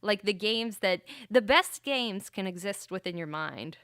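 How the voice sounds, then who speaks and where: A woman's voice: medium pitch, animated, a little slow, fairly bright tone, clear, resonant tone, no room sound. Chatty woman streamer, dry close mic. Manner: rambling, chatty, often laughing. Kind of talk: casual livestream chat.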